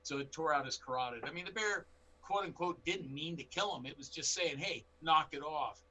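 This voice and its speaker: A middle-aged man, a bear expert guest on a panel, telling animated stories with acted-out quotes. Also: a little high, brisk, slight background noise, poor audio. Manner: animated anecdotes with quoted dialogue. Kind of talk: storytelling in a panel interview.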